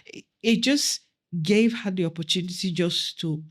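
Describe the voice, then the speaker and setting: A woman's voice: lowish voice, normal speed. A woman guest on a podcast, a councillor and mother, telling personal stories in an earnest, reflective way. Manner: earnest, reflective, acts out family dialogue. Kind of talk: personal storytelling in conversation.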